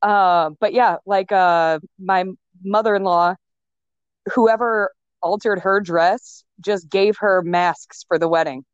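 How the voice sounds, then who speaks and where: A young woman talking in a casual chat as a guest, chatty and quick to laugh, on a dull lo-fi recording. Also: mid-range voice, no echo. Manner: chatty, laughs often, many fillers. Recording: dull lo-fi sound.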